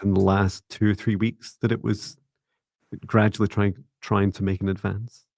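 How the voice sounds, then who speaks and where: A man with a gravelly, slightly low voice hosts a live psychic reading stream. He talks calmly and reassuringly and calls out to viewers by name. The sound is close and dry. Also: moderate pace, no room sound. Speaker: psychic reader, livestream co-host.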